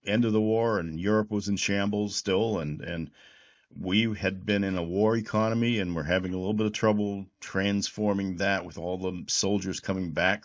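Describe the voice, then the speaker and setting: A man's voice: sits low, lo-fi sound. A man in his sixties hosting a reflective political commentary monologue, rambling with restarts and repeated words. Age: 60s. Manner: reflective, history-minded. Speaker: host.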